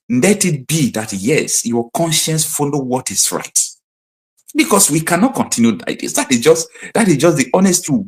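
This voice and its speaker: A man's voice: mid-range voice, a little mellow. Nigerian guy doing a political rant show, keeps hammering the same lines, mid voice. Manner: emphatic, repetitive, preaching tone. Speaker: host. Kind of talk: online political commentary.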